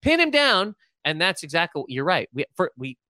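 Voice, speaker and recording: A young man riffs through a profane comedy bit, piling wild details onto a made-up story. His voice sits somewhat high, and the sound is dry and close to the mic. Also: big pitch swings, fairly quick, sharp tone, no room sound. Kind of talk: casual comedic chat.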